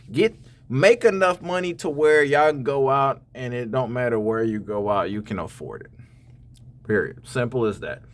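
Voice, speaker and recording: A man hosting a reaction channel, talking straight to other men about dating and money in a casual, preachy way, often repeating words. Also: mid-range voice. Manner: preachy, addresses "fellas" directly, repeats words. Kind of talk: casual commentary on clips.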